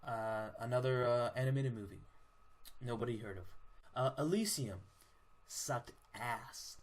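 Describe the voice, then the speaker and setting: A young man casually reviewing movies on his own channel, blunt and profane, with frequent restarts. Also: medium pitch.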